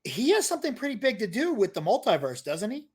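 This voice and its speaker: A man co-hosting a podcast in casual chat, relaxed and a bit hesitant, often stalling with fillers. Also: high voice, quick pace, breathy edge. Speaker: podcast co-host.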